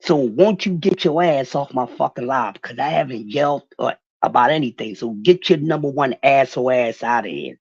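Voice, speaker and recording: Man with a husky, lively voice. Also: medium pitch, normal speed, few pauses, dry recording, muffled recording. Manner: profane, animated, talking back to chat. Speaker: livestream host. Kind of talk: casual livestream boxing rant.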